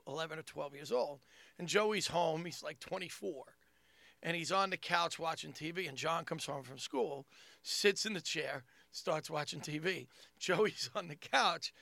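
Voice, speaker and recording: A man with a high, gravelly voice tells family stories in a casual chat. His tone is bright and edgy, and the sound is close and dry. He lurches from muttering to loud, animated bursts as he acts out each person. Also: normal speed, no echo. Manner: animated storyteller who acts out family members with big jumps in pitch and loudness. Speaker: podcast co-host telling family stories. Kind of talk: casual comedic storytelling.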